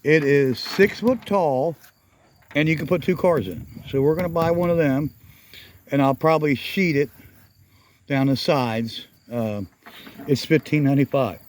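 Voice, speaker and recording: A man's voice: fairly high pitch, a little slow, long pauses, a little mellow, slight background noise. A middle-aged man chatting casually in a garage vlog outdoors, rambling and correcting himself with frequent chuckles. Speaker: garage channel vlogger.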